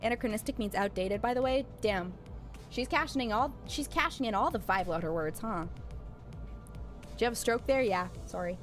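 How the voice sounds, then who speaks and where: A young woman chats casually while streaming a game, cracking crude jokes and rambling between lines. Her voice sits at an ordinary pitch, and faint music plays behind. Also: expressive, fairly quick. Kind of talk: casual livestream commentary.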